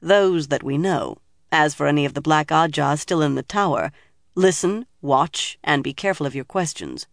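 A man's voice: a little high, expressive, moderate pace, vocal fry, no echo. A man voicing a curt, commanding woman leader. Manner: dry, curt, authoritative.

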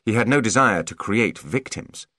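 Low, expressive male audiobook narrator. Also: dry recording, clean studio sound. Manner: expressive, measured storytelling. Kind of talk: scripted narration.

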